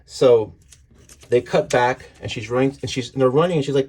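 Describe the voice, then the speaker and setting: Guy excitedly walking through a comic issue, husky voice, casual. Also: medium pitch, normal speed. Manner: enthusiastic, retelling panels with voices. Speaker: comic book reviewer.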